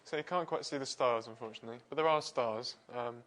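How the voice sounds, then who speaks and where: Medium in pitch and fairly bright, his voice moves at a quick clip as the physicist hosts a casual science livestream on a wireless mic, poking fun at himself and laughing a lot.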